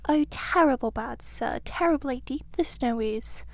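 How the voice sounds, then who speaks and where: A woman's voice: sits high, unhurried, no room sound. A woman voicing a young male hedgehog who speaks humbly, in plain countrified talk, full of respect. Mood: earnest. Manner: polite rustic country speech, keeps saying sir.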